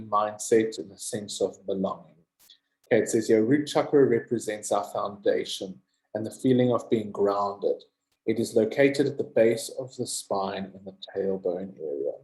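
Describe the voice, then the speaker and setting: A man teaching a recorded yoga lesson, slowly repeating Sanskrit terms and having listeners say them back. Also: lowish voice, mellow, reverberant, poor audio. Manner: drills pronunciation, repeats words slowly and asks listeners to say them.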